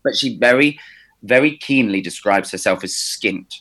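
A man's voice: fairly low pitch, normal speed. A man from Somerset with a slightly posh West Country accent, chatting animatedly as a podcast co-host. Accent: slightly posh West Country English. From Somerset, England. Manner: chatty, restarts often, animated. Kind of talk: casual chat.

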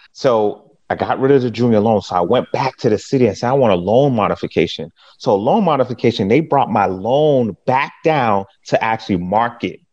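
A man, a real estate agent from the Boston area, telling his story in a casual interview with emphatic, animated delivery. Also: lowish voice. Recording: dull, lo-fi sound.

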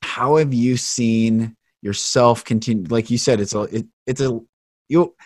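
A man's voice: medium pitch, unhurried, dry recording, clean studio sound. A man hosting an interview podcast, talking in an earnest, emotional, heartfelt way. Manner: earnest, emotional, speaks passionately. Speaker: podcast host.

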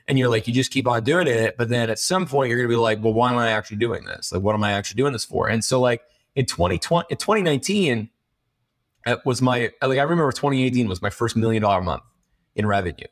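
This guest entrepreneur speaks fast with a medium-pitched, expressive voice. Swearing without restraint, he rambles frankly through a candid interview and often starts his sentences over.

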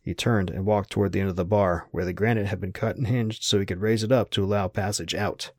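Man, low voice, steady wry audiobook narration, dry close sound. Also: fast, dry recording.

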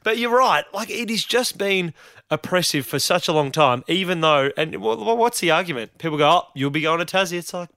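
A man with an Australian accent, a guest on a sports podcast, talking about his club in a wry, self-deprecating way full of quick asides. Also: sits high, animated, pushed and bright, no room sound, studio quality. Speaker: guest supporter. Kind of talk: casual sports chat.

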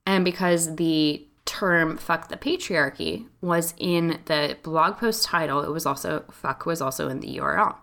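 Woman in her 30s, chatty podcast storyteller, kinda low voice, lots of likes. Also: measured pace, gravelly, hardly any pauses. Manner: chatty, animated, frequent "like" fillers. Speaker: podcast host. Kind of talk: casual storytelling chat.

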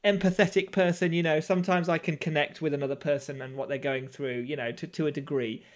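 A man's voice: fairly high pitch, fairly even intonation, quick pace. A man co-hosting a podcast, chatting in a rambling, self-deprecating way with fillers. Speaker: podcast co-host. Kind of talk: casual chat.

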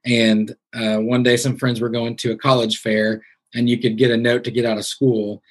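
A man's voice: medium pitch, moderate pace. A man from Southwest Missouri, a podcast host being interviewed, chatting casually and animatedly acting out the people in his story. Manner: chatty, animated retelling with quoted voices.

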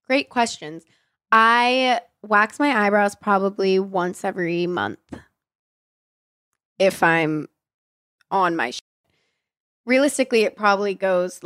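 A woman's voice: mid-range voice, fairly bright tone, dry recording. A young woman answers listener questions in a loose, rambling way, her voice stuffy and nasal from a cold. She talks frankly and drops casual swears. The sound is dry and close, with no room around it. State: sick, nasal. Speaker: podcast host. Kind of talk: casual Q&A chat.

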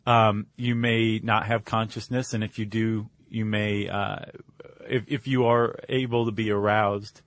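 A man's voice: lowish voice, level tone, a little slow. A man co-hosting a podcast, explaining in casual chat with fillers and restarts. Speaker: podcast co-host.

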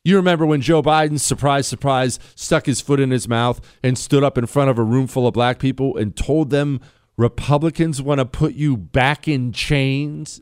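A man's voice: medium pitch, smooth, no room sound, clean studio sound. A man hosting a talk radio show, speaking bluntly and sarcastically with strong emphasis. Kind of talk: opinionated talk radio monologue.

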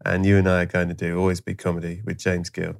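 A man hosting a podcast, spinning absurd comic stories and dropping into hushed voices for the people in them. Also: low-pitched, completely flat delivery, fast, gravelly. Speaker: podcast host. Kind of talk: comic storytelling chat.

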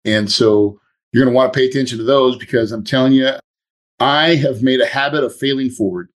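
A man hosting a podcast, telling a story in a casual, animated way and acting out his own thoughts. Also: mid-range voice, brisk. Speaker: podcast host.

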